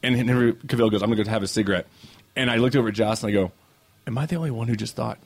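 A young man in a casual podcast chat, his voice sitting in an ordinary middle pitch. He tells a long story with plenty of swearing and brings it to life by playing every line that people said to him. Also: quick pace, a little hiss or hum. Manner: animated anecdote-teller, swearing freely, acting out quotes. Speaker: podcast co-host.

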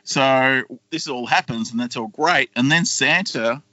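A man's voice: mid-range voice, a little slow, pushed and bright, no echo, highs cut off. A man, casually retelling a cartoon plot on a podcast and slipping into silly character voices. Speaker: podcast co-host.

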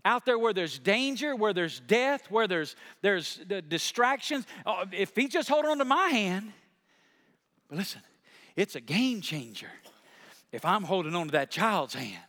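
A man preaching a sermon as pastor of his church. He repeats key phrases, calls on the congregation to answer back, and swings from soft, drawn-out words to loud, high declarations. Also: big pitch swings.

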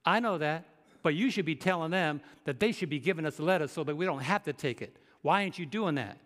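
A woman's voice: sits low, quick pace, big-room sound, natural voice. A male pastor voicing an angry, stubborn woman of seventy-seven who calls him on the phone to complain. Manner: indignant, stubborn. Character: angry 77-year-old woman church caller.

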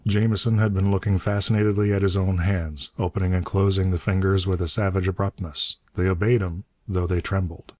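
Deep-voiced man narrating an audiobook. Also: level tone, fairly quick, few pauses, darkish tone, no echo.

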